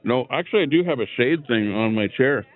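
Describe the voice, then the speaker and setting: Through a small clip-on mic, a man with a mid-range voice hosts a live stream from a chair at an outdoor rally. He sounds animated and brisk, chatting loosely and greeting viewers in the chat. The audio is tinny and lo-fi, like a phone.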